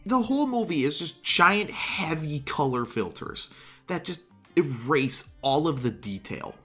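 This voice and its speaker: A man in his twenties streaming, giving casual commentary in an animated, exasperated rant with some swearing. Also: on the high side, measured pace, slightly rough, soft background music. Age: 20s.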